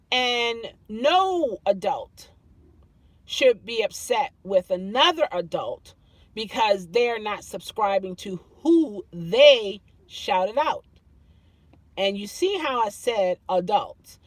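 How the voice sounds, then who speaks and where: A YouTube vlogger with a fairly high voice chats casually while reading viewer comments aloud, laughing often and slipping into playful impressions. The recording has no room sound.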